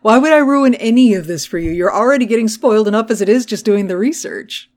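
A woman's voice: a little high, animated, a little mellow. A woman co-hosting a podcast, recapping a TV episode in casual, profane, laughing chat. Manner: profane, laughing, quick retelling with quoted voices. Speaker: podcast co-host.

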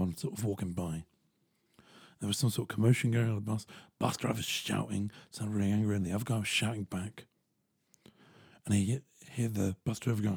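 A young man telling a personal story in a casual, animated way, swearing freely. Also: fairly low pitch, a little fast, gravelly, breathy edge, no room sound, clean studio sound. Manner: animated, swearing, chuckling asides.

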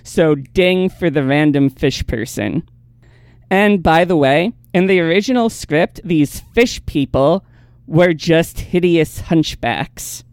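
A man's voice: a little high, takes it slowly, clean tone, no echo, clean studio sound. A man hosting a podcast, casually recapping episodes and laughing easily between points. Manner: relaxed storyteller, laughs easily. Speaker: podcast host.

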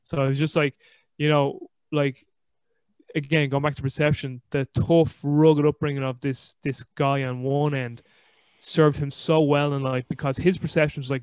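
Man, podcast host, casual chat, smooth resonant tone, fairly flat delivery, dry close sound, rambling storyteller. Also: a little high, moderate pace, dry recording. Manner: rambling, restarts often, animated storytelling.

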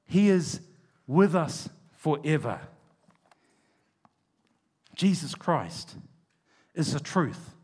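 A man preaching a sermon, stressing key words by slowing down and dropping low and quiet for asides. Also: sing-song, breathy edge.

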